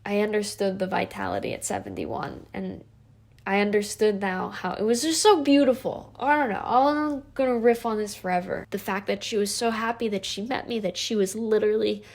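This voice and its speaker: A woman's voice: mid-range voice, normal speed, gravelly, a little mellow. A woman in her twenties talking to camera in a casual, reflective vlog, earnest and rambling, with lots of fillers and restarts. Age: 20s. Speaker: vlogger.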